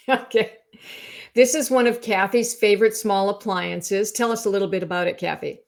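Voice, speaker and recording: A woman co-hosting a live talk show over a video call, upbeat and brisk as she runs giveaways and chats. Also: medium pitch, vocal fry. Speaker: co-host. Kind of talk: casual chat.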